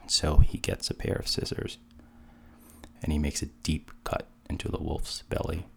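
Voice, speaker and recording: A man casually retelling a fairy tale in a relaxed, conversational way, with asides. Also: very deep voice, moderate pace, creaky, a little hiss or hum. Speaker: storyteller.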